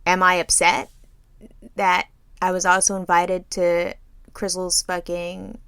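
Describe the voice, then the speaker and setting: A woman's voice: lowish voice, monotone, slow pace, a bit bright, clean tone, no echo. Anxious rambling woman venting. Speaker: podcast co-host. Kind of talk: casual chat.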